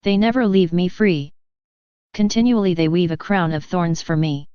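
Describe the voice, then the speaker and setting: Jesus, gentle sorrowing man, read by a woman; low-ish, very clear, dry, a bit muffled. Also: moderate pace, dry recording, lightly acted. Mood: tender sorrowful.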